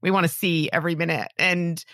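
A woman's voice: fairly low pitch, little pitch movement, a little fast, fairly bright tone, no echo, clean studio sound. A woman interviewing a guest in a conversational interview, affirming and agreeing as she talks.

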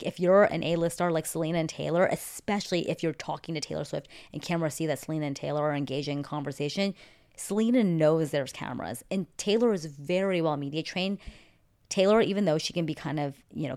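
A woman's voice: low-pitched, a little mellow. A young woman talking through celebrity gossip in a casual, opinionated way, full of asides and fillers. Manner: chatty, opinionated, fast asides, lots of "like". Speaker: pop culture commentator.

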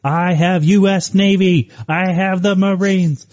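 A boastful self-appointed ruler of an ice island , as a man puts him on proclaims in a lifted, pompous voice. He sounds full of himself. The recording is dull and lo-fi, and his tone is mellow and warm. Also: sits high, steady tone, slow, pitched above the performer's own voice.

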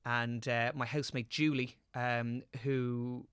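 Bright-voiced young actor telling stories. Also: male voice, mid-range voice, slow pace, smooth, no echo, clean studio sound. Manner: animated anecdotal storytelling with casual swearing. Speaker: actor guest. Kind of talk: casual podcast chat.

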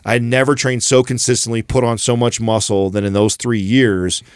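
A man co-hosting a casual fitness podcast, talking in animated bursts and often restarting his sentences. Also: mid-range voice, moderate pace, clean tone, no echo, studio quality. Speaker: podcast co-host.

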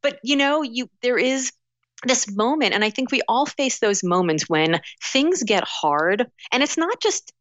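A middle-aged woman telling lively personal stories as an interview guest, acting out voices with frequent restarts. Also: medium pitch, unhurried, no room sound. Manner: animated, acts out inner voices, many restarts. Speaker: guest author. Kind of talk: casual interview storytelling. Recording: dull lo-fi sound.

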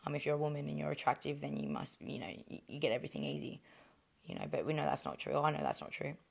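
An Australian woman in her thirties with a fairly low voice speaks candidly in an interview. Her talk is blunt and salty, full of swearing, fillers and quick restarts. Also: animated, vocal fry, slightly rough. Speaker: boxer, interview guest.

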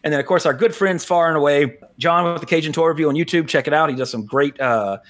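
A podcast host in his forties chatting loosely. His voice sits a touch higher than most men's. He rambles, restarts his sentences and chuckles often as he goes. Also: fast talker, fairly bright tone. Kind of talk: casual podcast chat.

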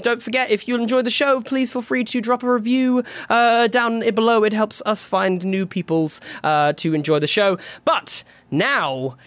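Male podcast host from England, upbeat and gushing, high voice, dry studio sound. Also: fairly bright tone, no room sound. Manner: enthusiastic, effusive, frequent fillers. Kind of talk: casual podcast chat.

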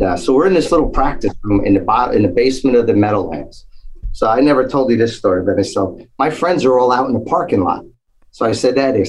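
A man's voice: lowish voice, a little mellow, breathy edge, low-quality recording. A man telling a long story in casual chat, acting out the voices of the people in it. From New Jersey. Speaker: guest storyteller.

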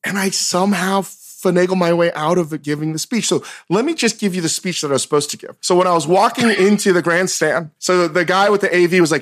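A middle-aged man hosting a casual podcast chat, telling stories with lively acted-out quotes and frequent laughs. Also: sits high, fast talker, hardly any pauses. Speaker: podcast host.

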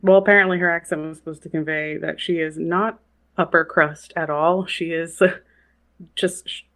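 Low-voiced chatty woman. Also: steady tone, moderate pace, a bit bright. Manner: chatty, laughs between points. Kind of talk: casual podcast chat.

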